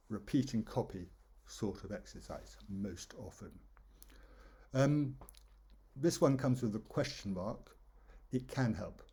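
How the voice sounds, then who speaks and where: Mellow, husky male English teacher. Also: on the low side. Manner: relaxed explanatory, demonstrates stress and intonation. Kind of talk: lesson over slides.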